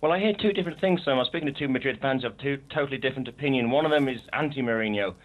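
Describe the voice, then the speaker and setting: A man who sounds chesty today, his voice a touch deeper than usual. He talks at a brisk clip and explains things in a chatty, easy way, like a correspondent filling in a studio panel. His pitch sits in an ordinary middle range for a man. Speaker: remote correspondent.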